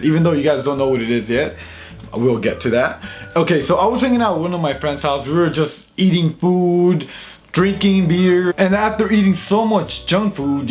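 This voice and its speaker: A man with a high voice tells a comic personal story straight to his viewers. He is casual, animated and pokes fun at himself. Quiet music plays softly underneath. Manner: animated, self-mocking storytelling. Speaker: YouTube channel host.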